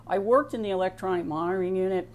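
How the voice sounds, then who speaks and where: A woman's voice: lowish voice, quick pace, a little mellow. A middle-aged woman with an Ohio accent, speaking casually on a program, peppering her talk with "you know" asides and restarts. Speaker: sheriff's office veteran speaking on a program. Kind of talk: casual monologue with a personal story.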